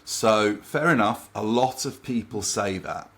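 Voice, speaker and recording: Man, lowish voice, guest coach, casual storytelling, animated anecdotes, acts out quotes. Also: measured pace. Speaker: confidence coach and trainer.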